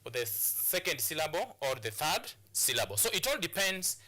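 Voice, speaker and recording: Man, teacher, very bright voice, slightly high, repeats his points. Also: sing-song, moderate pace. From Kenya. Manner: repetitive, drilling points, many restarts and fillers. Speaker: English teacher. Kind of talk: classroom lesson on a TV show.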